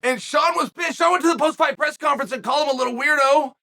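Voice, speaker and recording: A middle-aged man from the western United States, hosting an animated solo commentary and telling the story with emphatic, shouted bursts. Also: very high voice, fast talker, gravelly. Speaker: host.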